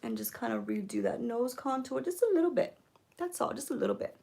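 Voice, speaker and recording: A woman giving a mock makeup tutorial, coaxing viewers with deadpan ironic influencer patter and frequent "okay?"s. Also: a little high, fairly quick, gravelly. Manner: coaxing, keeps repeating "okay?". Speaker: beauty vlogger.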